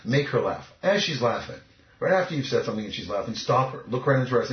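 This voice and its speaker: A man's voice: medium pitch, animated, fast, a little hiss or hum. A man talking as a dating coach in an interview, cocky and emphatic. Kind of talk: casual interview talk. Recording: echoey, muffled lo-fi recording.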